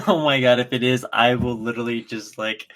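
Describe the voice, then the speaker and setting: A man co-hosting a podcast in casual chat, relaxed, stumbling over repeated words when excited. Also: mid-range voice, normal speed. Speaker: podcast co-host.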